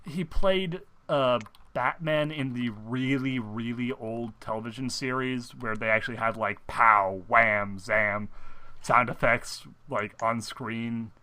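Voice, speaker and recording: Bright-voiced young man rambling casually. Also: mid-range voice, a little slow, few pauses. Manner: rambling, many fillers and restarts. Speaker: co-host of a fan talk show. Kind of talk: casual chat.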